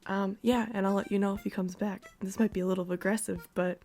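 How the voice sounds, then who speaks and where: A woman's voice: mid-range voice, flat delivery, moderate pace, a little mellow. A young woman from Minnesota telling a casual story in a wry, sarcastic way, with laughs. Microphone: studio USB microphone.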